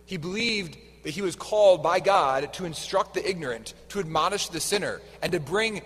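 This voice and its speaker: A man preaching a homily with a fairly high voice, talking casually and tossing questions at the congregation. His words ring out in a large, echoing church hall. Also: expressive, normal speed, a bit bright. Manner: conversational, quizzes the congregation. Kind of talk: sermon.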